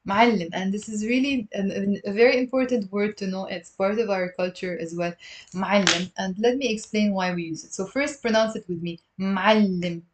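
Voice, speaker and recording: A woman with a Lebanese accent teaching an online Arabic lesson, repeating words slowly and chatting with viewers. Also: medium pitch, a little hiss or hum. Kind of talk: live online language lesson.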